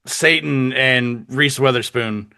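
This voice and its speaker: Slow gravelly man joking crudely. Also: mid-range voice, bright, forceful tone, dry recording, clean studio sound. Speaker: podcast co-host. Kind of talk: casual chat.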